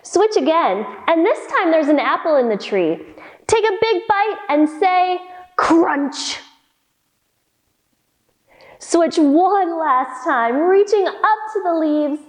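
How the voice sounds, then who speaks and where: A young woman leads a children's yoga storytime, cheerful and encouraging. Her voice sits high and swings widely in pitch. She takes each cue slowly and with care. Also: animated. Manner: slow, cheerful and encouraging, with playful animal sounds. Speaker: kids yoga instructor.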